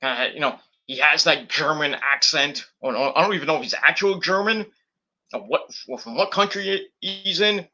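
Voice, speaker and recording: Man, live-stream reviewer, very bright piercing tone, rambling, profane, filler-heavy. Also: a little high, normal speed, slight background noise. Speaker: wrestling show reviewer and streamer. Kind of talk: casual live-stream commentary.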